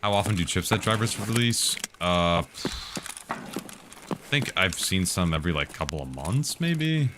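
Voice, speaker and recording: Very deep-voiced man streaming a game. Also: animated, unhurried, background noise. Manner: chatty, answers viewer tech questions mid-play. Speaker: game streamer answering chat. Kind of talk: casual live-stream commentary.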